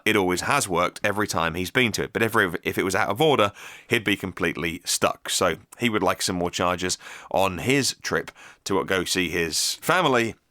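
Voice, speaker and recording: A man hosts a casual podcast on his own, chatty and enthusiastic as he reads out listener messages. His voice is bright and forceful and swings widely in pitch. The sound is close and dry, with no room around it. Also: dry recording. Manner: chatty and enthusiastic, thinks aloud with restarts. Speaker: podcast host. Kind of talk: casual solo podcast, reading listener emails.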